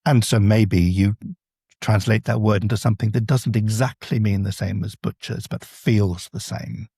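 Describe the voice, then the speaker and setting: Man, low gravelly voice, husky and dark, translator in a podcast interview, explains with examples. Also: steady tone, moderate pace, no echo, clean studio sound. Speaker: translator guest.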